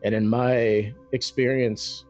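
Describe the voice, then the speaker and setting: A man voicing a tall, gaunt, creepy man who walks with a cane, speaking with a flat, unsettling calm. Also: medium pitch, slow, close to an everyday voice. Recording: dull lo-fi sound with faint music.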